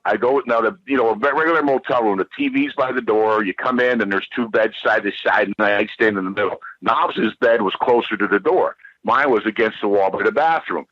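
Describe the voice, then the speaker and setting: A man's voice: fairly low pitch, fairly quick, hardly any pauses, no echo. A man guest telling a long story in a profane, rambling, emphatic way. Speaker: podcast guest. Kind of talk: animated storytelling. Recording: dull lo-fi dry sound.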